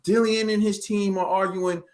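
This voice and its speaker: A man in casual sports talk, breaking down a boxing match in a loose, slangy manner. His voice sits a little higher than most men's. He throws in quick acted quotes as he goes. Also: little pitch movement. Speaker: boxing show co-host.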